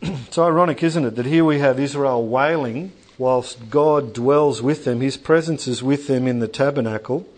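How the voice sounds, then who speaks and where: A man preaching a sermon in a church hall. His delivery is animated and conversational, with asides and jokes to the congregation. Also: medium pitch, normal speed.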